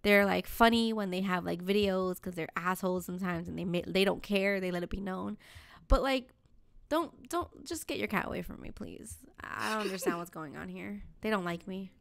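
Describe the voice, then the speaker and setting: A woman co-hosting a podcast, telling stories in a casual, animated way with frequent swearing and laughter. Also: mid-range voice, moderate pace, gravelly, no echo. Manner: animated storytelling, swears freely, laughs often. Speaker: podcast co-host. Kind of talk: casual chat.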